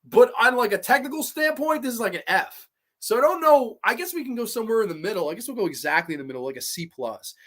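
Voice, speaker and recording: Male streamer, casual horror-review host, swears freely, excitable, banters with chat. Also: extremely high pitch, fast. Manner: profane, excitable, reacts to chat. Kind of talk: casual livestream commentary.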